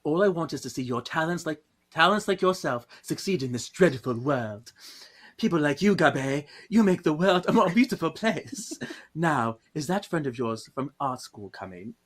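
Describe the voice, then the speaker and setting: A man voicing a smooth, manipulative male demon who flatters with silky delivery. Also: on the high side, moderate pace. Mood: flattering.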